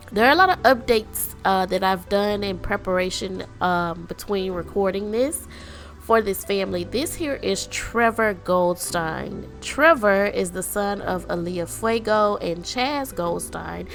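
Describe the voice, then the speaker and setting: Stuffy-nosed woman, slow chatty talk. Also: mid-range voice, expressive, gravelly, fairly bright tone. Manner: chatty, laughs often, many ums. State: stuffy, congested. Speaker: gaming channel host. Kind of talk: casual gameplay commentary. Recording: faint music behind.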